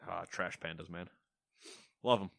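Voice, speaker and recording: A man with a fairly low voice co-hosts a gaming podcast, cracking jokes and laughing between news items. His voice sits close and dry with no room around it. He talks in a loose, chatty way. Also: a little slow, gravelly, dry recording. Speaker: podcast co-host. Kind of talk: casual banter and news rundown.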